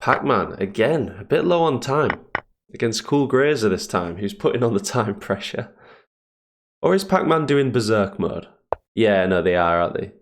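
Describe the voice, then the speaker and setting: Chess streamer, man, low gravelly voice; casual, halting commentary, lots of fillers. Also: sing-song. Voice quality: deep gravelly morning voice. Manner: thinks aloud, hesitant fillers, chuckles often.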